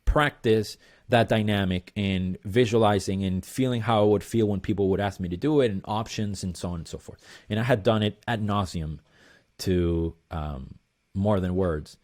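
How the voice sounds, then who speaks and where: Guy with a lowish voice rambling through a story in an interview, lots of ums and blah blah. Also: moderate pace. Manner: animated, rambling, lots of fillers. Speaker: guest musician.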